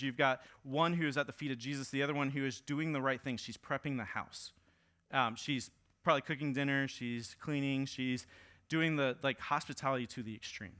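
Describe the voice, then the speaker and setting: A man's voice: mid-range voice, sharp tone. A man in his thirties preaching a sermon in a casual, conversational way, with fillers and asides, raising his voice to act out quoted lines. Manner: acts out quoted lines in a raised voice. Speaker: pastor.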